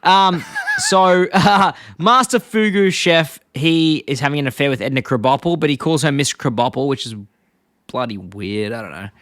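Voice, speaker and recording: A young man co-hosting a podcast, rambling through a plot recap and dropping into quick impressions of the characters. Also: a little high, big pitch swings, a bit bright, no echo. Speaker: podcast co-host. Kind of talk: casual chat.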